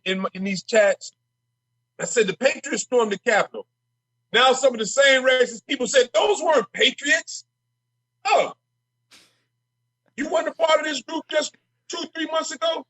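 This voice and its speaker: A man's voice: high-pitched, fairly bright tone, no room sound, low-quality recording. A man speaking as a guest on a podcast, brash and impassioned, stumbling and repeating words as he gets fired up. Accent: Minnesota. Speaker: state representative guest. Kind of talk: casual podcast conversation.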